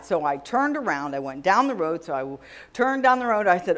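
Her voice is low, lively in intonation, and fairly quick. This middle-aged preacher tells stories in her sermon, performing the words spoken to her by God and other people.

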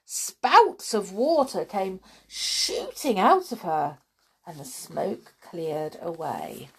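Slow, lively woman reading a children's story. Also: fairly low pitch, gravelly, husky. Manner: expressive, dramatic read-aloud.

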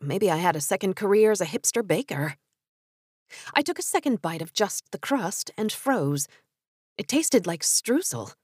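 A young adult woman telling a first-person story with expressive storytelling narration. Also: mid-range voice, breathy edge, dry recording, clean studio sound.

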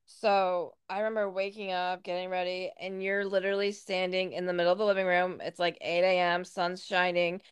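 A woman's voice: on the low side, level tone, fairly quick, hardly any pauses, smooth, dry recording. A young woman co-hosting a podcast, telling embarrassing stories in a casual, laughing, expletive-heavy way. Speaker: podcast co-host. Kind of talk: casual storytelling chat.

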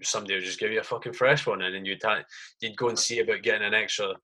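A man's voice: fairly low pitch, steady tone, very fast, bright, forceful tone. A man, a soldier, casually telling stories in a podcast chat, swearing constantly and saying mate a lot.

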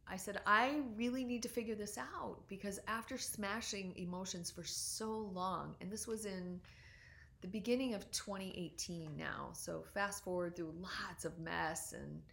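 A woman in her forties, a doctor, telling a personal story in an earnest, reflective way with frequent pauses and ums. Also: medium pitch, sharp tone.

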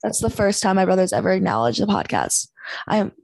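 Creaky young woman ranting on a podcast. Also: mid-range voice, big pitch swings, fast talker, darkish tone, slight background noise. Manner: rambling, profane and exasperated storytelling. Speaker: podcast host. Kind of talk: casual solo podcast rant. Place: small house at home.

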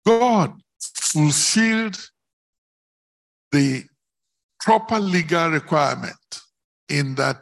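A man preaching a sermon, slow and declamatory, rising into emphatic shouts on key words. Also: high voice, gravelly.

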